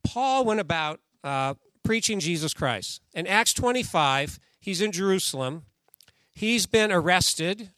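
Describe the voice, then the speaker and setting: A man's voice: high-pitched, sharp tone, no echo. A man preaching a sermon in a conversational way, reading scripture aloud and putting questions to the congregation. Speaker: pastor.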